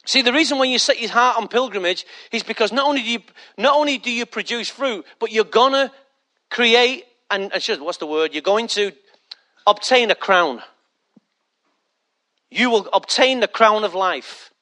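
A man's voice: very high-pitched, lively intonation, normal speed, sharp tone. A man preaching a sermon as pastor, emphatic and joking as he speaks straight to the congregation.

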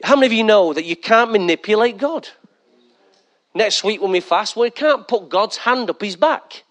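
A male pastor delivers a sermon in a high, bright register. He preaches in an animated way, firing rhetorical questions at the church and slipping into quick acted asides.

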